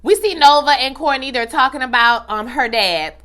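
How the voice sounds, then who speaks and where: Bright-voiced, chatty young woman recapping TV. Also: sits high, normal speed. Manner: animated, slangy, acts out dialogue. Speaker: TV recap vlogger. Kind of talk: casual TV episode recap.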